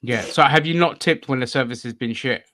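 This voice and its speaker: A man's voice: mid-range voice, fairly quick, sharp tone. A man co-hosting a casual podcast, telling a blunt story full of swearing. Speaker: podcast co-host. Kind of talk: casual banter.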